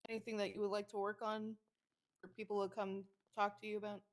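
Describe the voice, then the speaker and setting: A woman giving a steady, matter-of-fact report while chairing a police roleplay meeting. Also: mid-range voice, fast. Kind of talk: casual roleplay chat.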